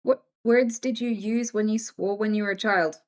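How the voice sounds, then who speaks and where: A woman's voice: medium pitch, steady tone, moderate pace. A young British woman chatting casually on a livestream, frank and swearing freely as she tells stories.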